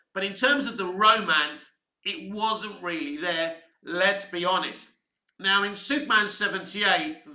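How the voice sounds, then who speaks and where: A man's voice: sits high, pushed and bright, echoey room. A man, talking casually and enthusiastically about films in a rambling way. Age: 50s. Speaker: film commentator. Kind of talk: casual film commentary.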